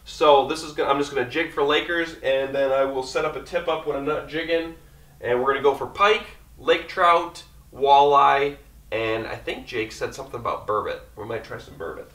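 A man talking quickly and casually through his camping gear, rambling as he goes. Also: mid-range voice, a bit bright, recorded from a distance. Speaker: outdoor vlogger. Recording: echoey room, mic set back.

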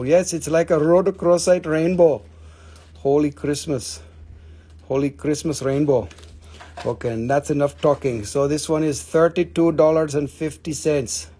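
A man hosting a live rock sale, joking, excitable and swearing freely as he runs quick auctions. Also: fairly high pitch. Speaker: livestream rock seller. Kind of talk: live auction sales chat.

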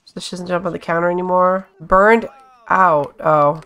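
A woman's voice: fairly low pitch, fairly even intonation, moderate pace, a bit bright, smooth. A woman hosting a casual let's-play, chatting along and coaxing her characters with pet names. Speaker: gaming channel host.

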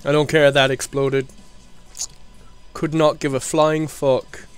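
A streamer narrates their own gameplay live at an unhurried, drawn-out pace, muttering to themself and swearing freely. Soft music plays faintly underneath the voice. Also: medium pitch, little pitch movement, clear, resonant tone, no room sound. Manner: sweary, talks to self. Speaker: game streamer.

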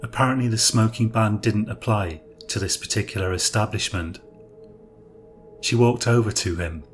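Low-voiced man narrating a story. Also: normal speed, faint music behind.

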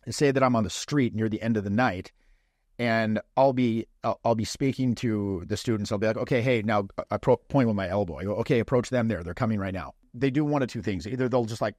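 A man's voice: lowish voice, darkish tone, no echo, clean studio sound. Blunt profane man coaching dating. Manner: blunt and profane, acts out quick mock lines. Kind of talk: casual coaching talk.

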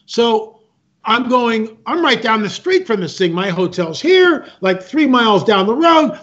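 A man's voice: extremely high pitch, big pitch swings, normal speed, fairly bright tone. A man speaking as a guest, telling stories with emphasis, repeating himself and acting out other people's lines. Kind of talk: animated storytelling talk. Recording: muffled lo-fi sound.

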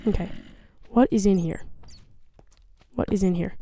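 Playing through a game on video, a woman nervously talks to herself and to the on-screen monsters, jumpy throughout her let's play commentary. Her mid-range voice is warm in tone and unhurried.

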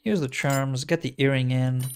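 A man's voice: medium pitch, steady tone, normal speed, a little mellow, clean tone. A man hosting a game playthrough, reading game text and adding wry muttered asides. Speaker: let's play host.

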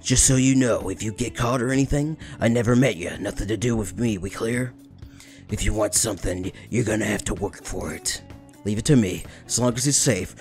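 A man reading game dialogue as a guarded male gun-shop owner, in a low gravelly growl with a terse, warning manner. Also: a little fast, faint music behind, lightly acted.

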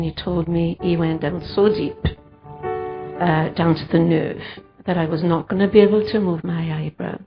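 A woman giving an earnest personal testimony in church, telling it steadily. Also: fairly low pitch. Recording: muffled church recording, faint music.

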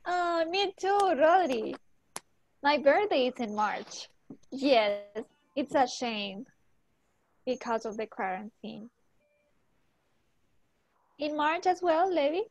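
A young woman teaches a lively English class, firing short questions at her students and explaining in Spanish now and then. Her voice sits high, and the recording is dry with little room sound. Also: slow pace, pauses often, dry recording, poor audio.

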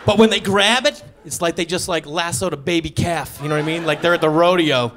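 A man doing stand-up comedy, telling a story on stage and acting out both sides of a shouted argument. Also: a little high, a little fast, slight background noise. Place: live comedy stage with audience laughter.

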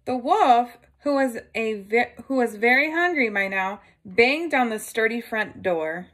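A woman reading a picture book aloud to children, gently stopping to ask her listeners questions. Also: mid-range voice, unhurried.

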